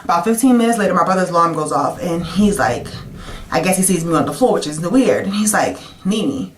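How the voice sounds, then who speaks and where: A woman in her twenties telling a personal story to camera in a chatty, animated way, with many "like" fillers and sudden high jumps when quoting herself. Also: quick pace, slight background noise. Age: 20s. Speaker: vlogger.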